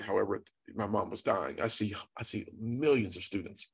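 A man's voice: on the low side, fairly even intonation, brisk, gravelly, hardly any pauses, slightly rough. A man telling an earnest, dramatic testimony as a guest, acting out the dialogue. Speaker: guest speaker. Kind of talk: storytelling testimony.

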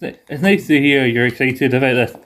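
A man's voice: mid-range voice, normal speed, a bit bright, a little hiss or hum. A man co-hosting a wrestling podcast in casual chat, wry and acting out quotes. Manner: wry, acts out quotes, laughs along. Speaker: podcast co-host.

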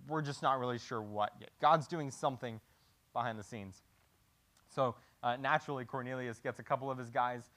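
A man's voice: medium pitch, steady tone, moderate pace, fairly bright tone. A man preaching a sermon in a conversational way, often restarting and repeating words and asking rhetorical questions. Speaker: pastor.

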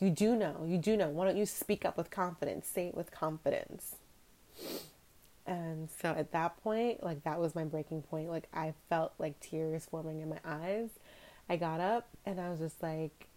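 A woman's voice: fairly low pitch, a little mellow. A young adult woman hosting a podcast, telling a personal story candidly and acting out what others said. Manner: candid, reflective, quotes others in dialogue. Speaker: podcast host.

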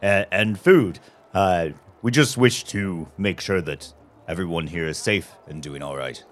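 A man's voice: low voice, unhurried. A man playing his tabletop character, speaking in an earnest, formal manner. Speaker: player.

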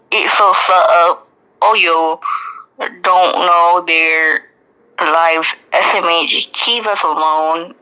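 A woman reads fanfiction aloud on a comedy podcast, breaking into snorts of laughter and sarcastic asides. Her voice is bright and forceful. The sound has a slight radio-like color. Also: lowish voice, low-quality recording. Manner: giggly, sarcastic, swears freely. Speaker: podcast co-host reading fanfic. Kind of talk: casual comedic reading.

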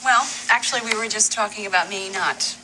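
A woman's voice: mid-range voice, a little fast, background noise, close to an everyday voice. A woman playing a hesitant, hurt young woman. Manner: hesitant, apologetic. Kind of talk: sitcom acting. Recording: sitcom clip with ambience.

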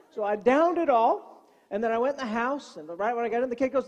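A middle-aged male pastor preaching a sermon full of comic personal stories, in an animated, joking preacherly way. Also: high voice, fairly quick, muffled recording, a faint crowd. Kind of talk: humorous sermon storytelling.

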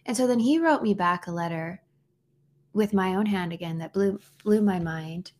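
A woman's voice: medium pitch, moderate pace, darkish tone. A woman in her thirties co-hosting a podcast, telling a personal story in an earnest, casual way with frequent restarts. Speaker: podcast co-host. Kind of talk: casual heartfelt conversation.

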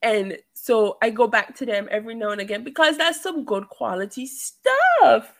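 A woman's voice: fairly high pitch, big pitch swings, moderate pace, vocal fry. A young woman co-hosting a podcast, chatting in a playful, teasing way and repeating phrases for effect. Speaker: podcast co-host. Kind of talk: casual chat.

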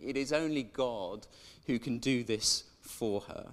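A man's voice: medium pitch, slow pace. A man preaching a sermon in a chatty way, drawing in the congregation with questions. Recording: echoey church hall.

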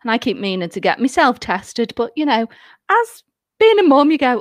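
A middle-aged woman, a celebrant and hypnotherapist, chatting as a guest in a lively, jokey way. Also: fairly high pitch, moderate pace, no room sound, studio quality. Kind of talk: casual chat.

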